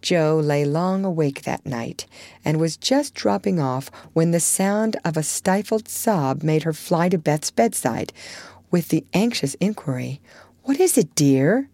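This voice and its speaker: A woman narrates a classic novel in a measured, storytelling manner. Her voice sits low, close and dry. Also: expressive, warm tone, no echo. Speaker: audiobook reader.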